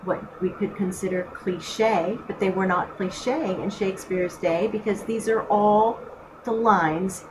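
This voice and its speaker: A woman recording a screencast lecture, explaining poetry in a measured way and reading a poem aloud. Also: medium pitch, background noise. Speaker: teacher.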